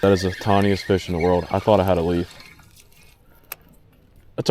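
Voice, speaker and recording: Excitable man narrating his fishing trip. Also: low-pitched, normal speed, creaky, long pauses, slight background noise. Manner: excitable, exclaiming and repeating himself. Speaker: fishing vlogger. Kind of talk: excited on-the-water commentary. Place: outdoors on a fishing boat.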